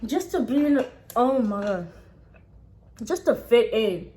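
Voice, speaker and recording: A woman's voice: on the high side, big pitch swings, a little slow, dark tone. A young woman telling a casual storytime on her vlog, swearing freely and repeating phrases for emphasis. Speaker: vlogger.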